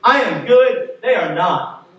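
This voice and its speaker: A man's voice: sits high, lively intonation, slow pace, a bit bright, exaggerated voice. A man voicing a self-righteous Pharisee who boasts about himself. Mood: smug. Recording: echoey sanctuary, mic far off.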